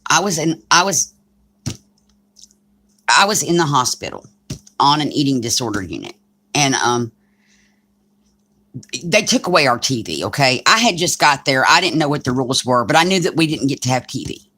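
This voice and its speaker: Laughing frequently, this woman hosts a craft livestream and spins joking stories in easygoing chat. She speaks at a moderate pace with many pauses, her rumbling low voice sing-song, a bit bright and slightly rough.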